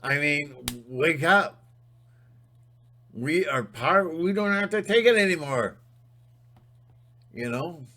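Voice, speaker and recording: A man ranting to camera in an emphatic, fired-up monologue, sometimes breaking into a shout. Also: fairly high pitch, expressive, takes it slowly, long pauses. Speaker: channel host.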